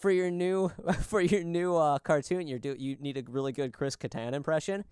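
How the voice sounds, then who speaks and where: A man's voice: a little high, fairly even intonation, normal speed, a little mellow, smooth, dry recording, studio quality. A man co-hosting a podcast in casual chat, rambling and swearing often as he tells stories. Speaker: podcast co-host. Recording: lo-fi podcast audio.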